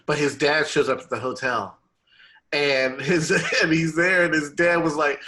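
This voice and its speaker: A man's voice: a little high, a little slow, poor audio. A man co-hosting a podcast, chatting animatedly about a film and acting out the characters' lines. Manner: animated, acts out quoted lines. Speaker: podcast co-host. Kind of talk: casual movie review chat.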